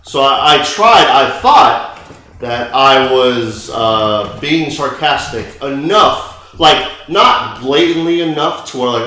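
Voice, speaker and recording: A young man co-hosting a podcast in casual chat, sarcastic and sheepish, talking in halting restarts. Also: mid-range voice, animated, pushed and bright. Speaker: podcast co-host. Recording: echoey room.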